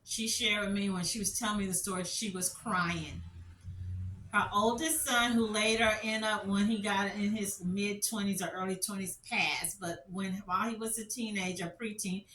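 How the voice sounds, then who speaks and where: A woman's voice: medium pitch, steady tone, moderate pace, bright, forceful tone, roomy sound, far from the mic, a little hiss or hum. A middle-aged woman telling stories as a commentary vlogger, passionate and repetitive, full of rhetorical questions. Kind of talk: emotional storytelling commentary.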